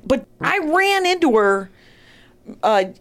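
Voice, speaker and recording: A woman's voice: high voice, very animated, slow pace. A woman guest telling a comic story on a podcast, self-mocking and laughing as she talks.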